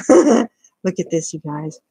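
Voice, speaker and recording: A woman's voice: lowish voice, big pitch swings, slow, vocal fry, warm tone, husky, rough recording. A woman vlogging a crochet tutorial in a casual, rambling way, talking to her viewers as she hunts for her supplies. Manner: chatty, scattered, talks to viewers while searching.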